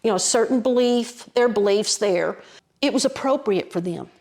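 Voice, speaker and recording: An Appalachian woman tells a story out loud with folksy, lively energy. Her voice sits somewhat high for a woman. She drops into colloquial mountain phrasing as she goes. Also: moderate pace. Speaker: storyteller, podcast guest. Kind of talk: animated oral storytelling.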